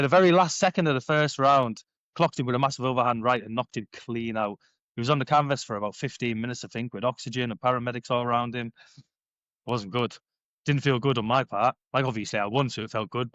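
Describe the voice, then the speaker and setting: A man in his thirties, a former paratrooper, telling his story in a casual podcast interview, animated and acting out quoted dialogue. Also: medium pitch, fast, no room sound, highs cut off. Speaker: podcast guest, former paratrooper and bare knuckle fighter. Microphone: headphones on, sitting at a podcast mic.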